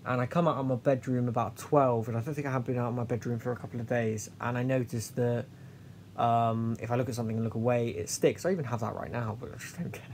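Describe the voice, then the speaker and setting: Man, vlogger, talks in halting restarts, confessional, mid pitch, faint low rumble behind. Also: flat delivery, a little mellow. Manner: halting, with many restarts and trailing pauses; earnest and confessional. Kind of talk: candid personal storytelling.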